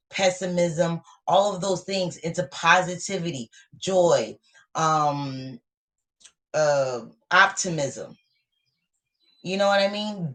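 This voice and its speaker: A woman giving a live tarot reading to viewers, talking in a motivational way and repeating her points for emphasis. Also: fairly low pitch. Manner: repetitive, motivational, affirming. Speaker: tarot reader.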